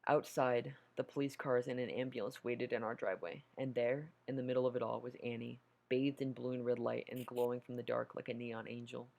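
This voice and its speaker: A man's voice: mid-range voice, little pitch movement, fairly quick, gravelly, few pauses, darkish tone. A man reading a horror story aloud, nervous, stumbling over words and correcting himself. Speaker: story narrator.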